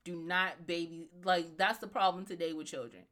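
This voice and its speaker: A woman co-hosting a podcast in casual chat, animated, blunt and opinionated. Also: fairly low pitch, normal speed. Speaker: podcast co-host.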